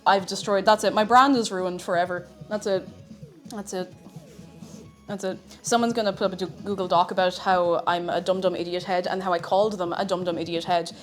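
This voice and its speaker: A woman's voice: lowish voice, steady tone, brisk, soft background music. A woman streaming as she bakes, chatting casually and mocking herself with giggles and flustered apologies from her home kitchen. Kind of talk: casual live-stream chat while baking.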